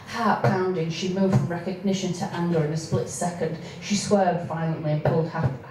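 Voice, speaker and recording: A woman reading from her own novel, with hesitant spoken asides between steady passages. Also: fairly low pitch. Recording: echoey room, distant mic, faint noise.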